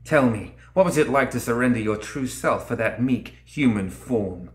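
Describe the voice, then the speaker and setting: A man's voice: medium pitch, animated, moderate pace, lightly acted. Man voicing a taunting demon queen. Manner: taunting, hissing menace. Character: towering cruel winged demon queen, woman. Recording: roomy echo.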